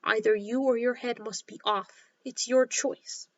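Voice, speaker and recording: A commanding, hot-tempered queen barking orders , put on by a woman reading aloud. The voice sits fairly high, and the storybook recording has a slightly dull, lo-fi sound. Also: steady tone, measured pace, a little hiss or hum, close to an everyday voice. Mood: bossy.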